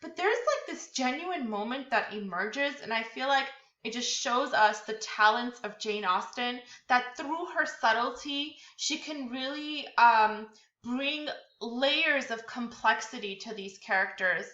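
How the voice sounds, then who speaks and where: A bright-voiced woman gives a relaxed tutorial, talking through her slides with lots of fillers and little restarts. Her voice sits a bit high. The sound is echoey and dull, like a lo-fi room recording. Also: measured pace. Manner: chatty, many fillers and restarts. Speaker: literature tutor. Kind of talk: casual lecture over slides.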